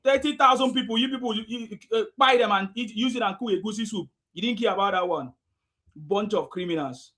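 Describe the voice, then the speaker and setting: A Nigerian man runs a live call-in show with a high voice. He shouts insults at callers and laughs at them mockingly. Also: a little fast. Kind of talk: combative live call-in chat.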